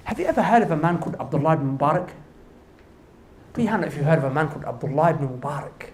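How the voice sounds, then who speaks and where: A man preaching to an audience in a mosque hall, telling a story with lively delivery. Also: fairly high pitch. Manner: animated storyteller, addresses audience as brothers. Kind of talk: storytelling sermon.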